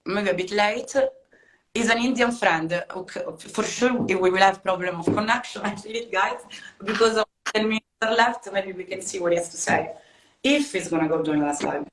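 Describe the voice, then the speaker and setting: A woman's voice: mid-range voice, moderate pace, fairly bright tone, roomy sound, rough recording. A woman whose first language is not English, co-hosting a podcast in casual chat and sometimes searching for words. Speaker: podcast co-host.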